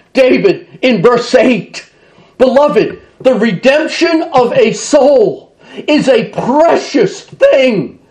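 Man preaching hard, high voice that swoops all over, reads scripture with drama. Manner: impassioned preaching with dramatic reading and mock voices. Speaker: pastor. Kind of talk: sermon.

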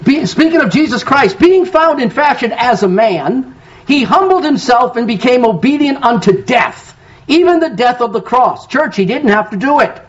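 A man's voice: very high-pitched, animated, moderate pace. A man preaching a sermon as pastor, quoting scripture with strong emphasis and calling out to his congregation for responses. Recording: dull lo-fi sound.

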